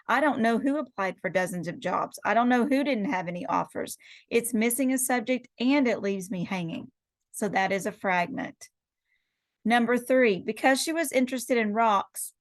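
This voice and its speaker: A woman's voice: mid-range voice, no room sound. A middle-aged woman teacher going through quiz answers one by one, explaining each step with rhetorical questions. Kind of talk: recorded lecture going over quiz answers.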